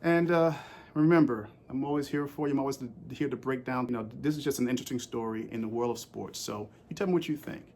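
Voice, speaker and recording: Fast-talking, with a darkish medium-pitched voice and slight background noise, a man rambles in his casual sports vlog. He restarts often, leans on fillers, and addresses questions directly to his audience.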